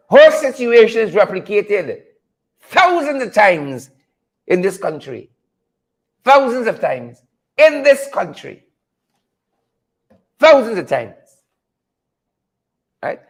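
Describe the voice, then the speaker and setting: A Guyanese man hosting a commentary show, preaching and exclaiming with heavy repetition for emphasis. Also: sits high. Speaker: show host. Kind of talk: impassioned commentary.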